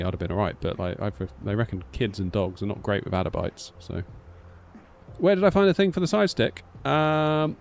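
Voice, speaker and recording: A man's voice: fairly low pitch, vocal fry, a little hiss or hum. A British man in his thirties chatting casually to a live-stream audience, rambling with lots of filler like "sort of". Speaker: flight sim streamer.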